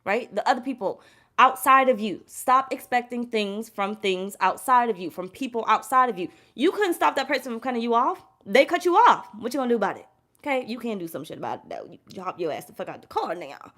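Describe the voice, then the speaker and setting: A woman's voice: on the high side, animated, fairly quick, sharp tone. A woman doing a casual live tarot reading, talking in a loose, rambling way with heavy cursing and lots of repetition, stopping to greet her chat. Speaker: tarot reader.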